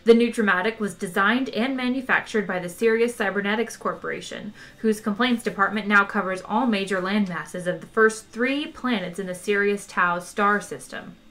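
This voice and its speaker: Bright-voiced woman reading a story aloud. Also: medium pitch, moderate pace, few pauses. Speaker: audiobook reader. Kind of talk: storybook narration.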